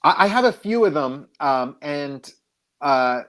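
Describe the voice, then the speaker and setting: A man being interviewed as a guest, talking casually in halting phrases full of restarts and fillers. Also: a little high, lively intonation, a bit bright.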